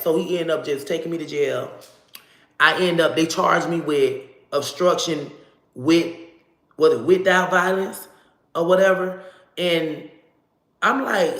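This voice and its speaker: A woman telling a personal story to camera in a casual, animated way, swearing freely and acting out what people said. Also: sits low, echoey room. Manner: animated, profane, acts out dialogue.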